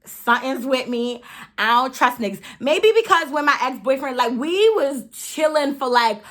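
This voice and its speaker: Young new girl in her 20s, high voice, cussing and laughing through a makeup vlog story. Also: normal speed. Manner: animated, profane, laughs often, acts out her own quotes. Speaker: beauty vlogger. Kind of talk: casual storytelling while doing makeup.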